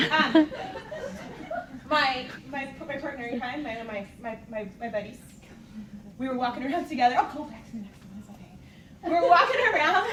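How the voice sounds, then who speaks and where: Bubbly high-voiced woman in an echoey room. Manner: bubbly, enthusiastic, laughs often. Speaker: fitness coach speaking at a team meeting. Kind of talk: casual motivational talk to a live group. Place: meeting room with an audience. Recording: echoey room, distant mic, noisy.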